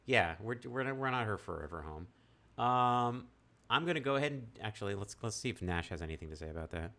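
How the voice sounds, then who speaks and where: A man's voice: lowish voice, animated, a little fast, a bit bright. A man playing through a text adventure game, chatting casually and reading the game text aloud with voices. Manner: chatty, laughs easily, reads the text with voices. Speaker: game streamer.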